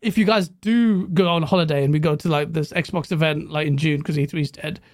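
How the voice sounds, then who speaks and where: A British man, a guest on a gaming podcast, telling animated stories in casual chat and swearing freely. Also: fairly high pitch, a little fast, no echo, studio quality.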